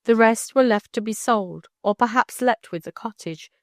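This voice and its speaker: Calm woman audiobook narrator. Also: on the high side, no echo, studio quality. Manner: calm, measured reading.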